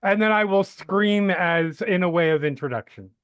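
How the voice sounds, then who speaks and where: A man playing a tabletop role-playing game, slowly and jokingly rambling about his character. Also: high-pitched, lively intonation, a bit bright, clear, resonant tone, no echo. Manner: slow, rambling, jokey. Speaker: player.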